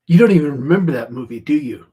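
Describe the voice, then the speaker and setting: A man co-hosts a casual podcast chat and drops wry, joking comments. His voice is somewhat high, with a husky edge. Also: lively intonation, fast, mellow. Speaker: podcast co-host.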